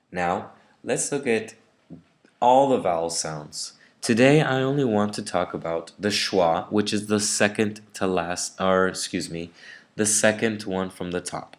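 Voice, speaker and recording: A man's voice: on the low side, a little slow. A man with a Southern American accent teaching English pronunciation in a video lesson, carefully demonstrating vowel sounds.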